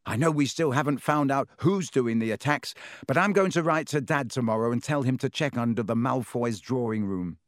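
A man's voice: medium pitch, moderate pace, dry recording, clean studio sound, lightly acted. A man doing a breathless eager schoolboy. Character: panting, eager schoolboy friend.

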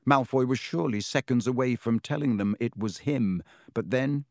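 A man narrating an audiobook in a measured, steady storytelling manner. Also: mid-range voice, no room sound, studio quality.

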